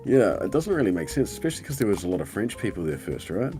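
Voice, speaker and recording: A very low-voiced man with a New Zealand accent trades crude jokes and mockery in a casual live stream. He comes through a voice-chat connection, teasing his co-host. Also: big pitch swings, fast, warm tone, soft background music. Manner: crude, joking, mocking.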